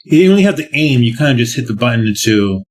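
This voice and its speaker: A man's voice: mid-range voice, very animated, fast talker. Rambling casual man on a podcast. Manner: rambling, hesitant, casual swearing. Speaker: podcast co-host. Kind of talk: casual game review chat.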